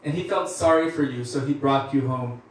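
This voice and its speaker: A man's voice: mid-range voice, normal speed, close to an everyday voice. Man voicing mocking cowherd boys. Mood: teasing. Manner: mocking, knowing. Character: group of teasing young cowherd boys. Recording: echoey room from far off.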